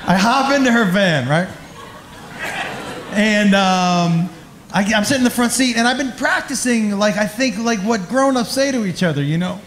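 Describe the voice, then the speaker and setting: A man's voice: high-pitched, animated, normal speed, roomy sound, crowd noise, noisy background. A man telling a crude, self-mocking stand-up story on a comedy club stage.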